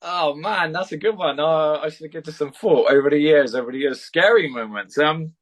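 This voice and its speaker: A man chatting as a podcast guest, telling rambling, animated stories with the odd swear word. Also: a little high, fairly quick. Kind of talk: casual chat.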